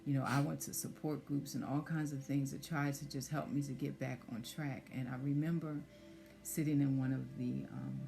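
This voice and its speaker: A woman sharing a personal testimony in conversation, soft-spoken and hesitant with many fillers. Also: a bass voice, level tone, normal speed, creaky, faint music behind. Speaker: guest sharing pregnancy loss story.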